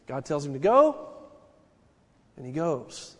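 A male pastor preaching with a high, ringing voice that carries through a church sanctuary with a long echo. He moves from hushed, earnest stretches to loud, fervent peaks, pressing his points home to the congregation. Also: sing-song, slow pace. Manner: impassioned, rising and falling preaching delivery. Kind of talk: sermon.

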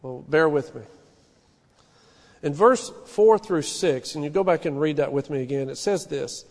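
A man in his forties preaching a sermon, telling stories with an animated, folksy manner. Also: fairly high pitch, moderate pace. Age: 40s. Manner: storytelling, animated, folksy asides. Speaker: pastor. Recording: long hall reverb.

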